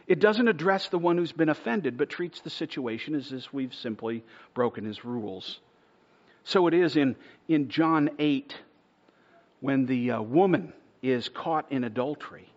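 A man preaching a sermon in an earnest style, building to loud, emphatic stretches and dropping to a hush on key words. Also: fairly high pitch, animated, a little slow, dull audio. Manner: earnest preaching, swells louder to a near-shout at points, drops to a hush on key words. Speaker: pastor.

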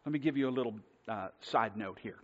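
A man's voice: mid-range voice, fast talker. A man preaching a sermon, telling a self-deprecating personal story in a conversational way. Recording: dull lo-fi sermon recording.

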